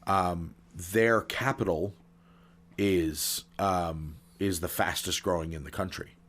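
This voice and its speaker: Rambling low-voiced man telling pun setups. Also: fairly even intonation, slow, fairly bright tone. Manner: rambling, many ums and restarts. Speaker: podcast co-host. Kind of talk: casual comedic chat.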